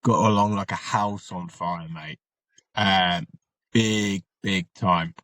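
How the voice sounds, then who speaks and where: A man's voice: low voice, fairly even intonation, slow, fairly bright tone, dry recording. A man, an army veteran and podcast guest, telling his story in a rambling, casual way and swearing freely.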